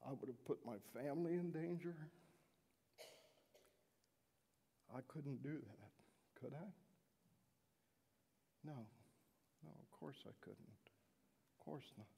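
An actor playing a remorseful Roman governor who justifies himself in a dramatic first-person monologue, his delivery earnest, swinging from shouts to hushed tones. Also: fairly high pitch, quick pace, hardly any pauses, in a large hall, close to an everyday voice. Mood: guilt-ridden.

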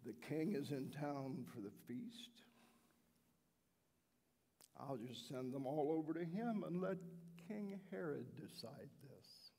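An actor playing a remorseful Roman governor who justifies himself in a dramatic first-person monologue, his delivery earnest, swinging from shouts to hushed tones. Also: on the high side, slow, gravelly, pauses often, in a large hall, full character voice. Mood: defensive.

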